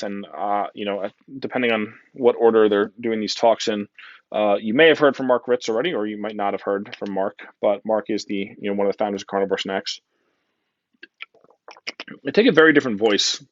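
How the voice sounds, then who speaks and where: A man's voice: on the low side, dry recording, highs cut off. A man with a New Jersey accent giving a casual, joking conference talk full of fillers. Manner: chatty, joking, many fillers and "right?". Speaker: conference speaker.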